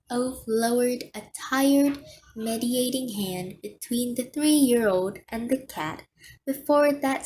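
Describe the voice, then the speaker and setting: Woman reading a novel aloud, kinda high voice, sing-song, takes her time, little hiss behind. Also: darkish tone. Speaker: audiobook reader. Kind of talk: audiobook narration.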